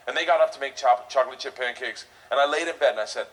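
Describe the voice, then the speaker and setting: A male stand-up comedian telling a wild story on stage, loud and rowdy, laughing as he talks. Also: mid-range voice, rapid-fire, few pauses, rough recording.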